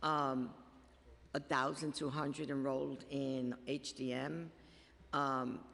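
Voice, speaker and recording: A man with a Bronx accent testifying at a budget hearing, halting and full of fillers and restarts. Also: mid-range voice, gravelly, fairly bright tone, slight background noise. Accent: Bronx New York. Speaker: city agency official testifying. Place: large council chamber. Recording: long chamber reverb.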